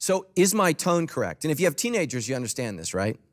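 A man's voice: fairly high pitch, sing-song, fast. A middle-aged man preaching a sermon as pastor, conversational and joking, acting out quoted voices. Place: church auditorium.

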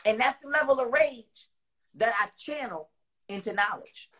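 A man delivering a heated, profane monologue to his viewers. He repeats lines for emphasis, with loud bursts between lower, quieter stretches. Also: lively intonation, moderate pace, slightly rough. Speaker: online speaker.

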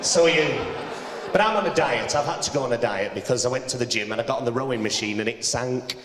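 A man's voice: mid-range voice, quick pace, a bit bright. A Yorkshire man doing cheeky, chatty stand-up banter with a hotel cabaret audience. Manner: cheeky, chatty crowd work. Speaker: cabaret comedian and singer. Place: hotel cabaret room on stage. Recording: roomy hall reverb.

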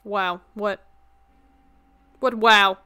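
With crowd noise behind her, a tired-sounding woman rambles through casual live-stream chat as she plays a game, poking fun at herself for her viewers. She speaks very slowly in a mid-range voice with fairly even intonation.

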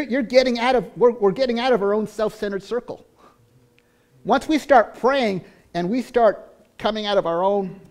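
A man gives a sermon in his role as pastor, sincere in tone, with many repeated words and restarts as he swings between loud and soft delivery. His pitch leans high.

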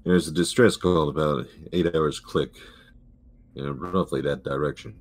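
A man with a very low voice plays the captain of a ship in a tabletop role-playing game. He calls the crew together in a mock-authoritative, rallying tone. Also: fairly even intonation, a little slow. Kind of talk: in-character tabletop banter.

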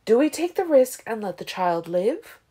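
A woman reading an audiobook, voicing an ancient male vampire leader who speaks in a tolerant, silky, falsely gentle way. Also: fairly high pitch, sing-song, normal speed, husky, pitched above the performer's own voice. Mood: smooth, condescending.

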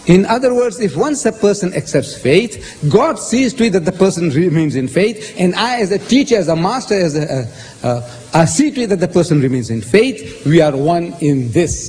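A man with a high, mellow voice makes his case in a public religious debate. He lectures in an animated way and acts out the words he quotes. The sound carries a long hall echo with faint background noise.

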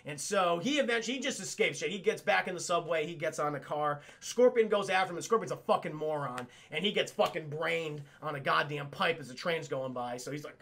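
A man recapping a cartoon episode for a live chat in a casual, profane, excitable way, laughing often. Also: on the high side, brisk, creaky, few pauses. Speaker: cartoon reviewer streaming to chat.

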